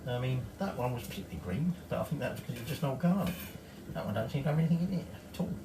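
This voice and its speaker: Northern English home cook, middle-aged man, lively sing-song delivery, off-mic in an echoey kitchen, loose and sweary. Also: medium pitch, very fast, distant mic, background noise. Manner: chatty, swears casually. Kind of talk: casual cooking tutorial.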